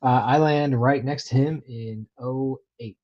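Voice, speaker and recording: Laughing player on a muffled mic. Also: male voice, mid-range voice, steady tone, a little slow. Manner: laughing, loose describer. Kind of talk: tabletop game play.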